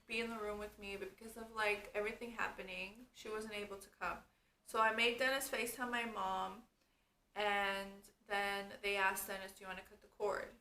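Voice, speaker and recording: A woman's voice: medium pitch, bright, forceful tone. A young woman vlogger telling a story in casual chat, saying "like" and "you guys" constantly. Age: young adult. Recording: echoey room with faint background noise.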